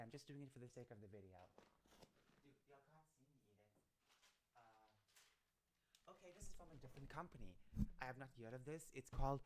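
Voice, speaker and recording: A live streamer chatting casually and reading satire articles aloud, often stumbling over words and laughing. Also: mid-range voice.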